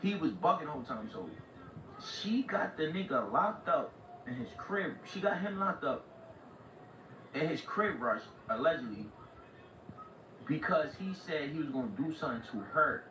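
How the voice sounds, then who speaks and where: Man livestreaming a story, slangy and animated, set back from a muffled mic in an echoey room with noise and a TV behind. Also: a little high, moderate pace, pauses often, recorded from a distance. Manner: animated street slang, repeats "like" and "right?". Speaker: livestream host telling a story. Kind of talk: casual storytelling.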